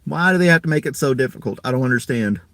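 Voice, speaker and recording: A man's voice: medium pitch, expressive, fast talker, fairly bright tone, no echo. A man hosting a casual live stream, rambling in an easygoing way and chuckling often.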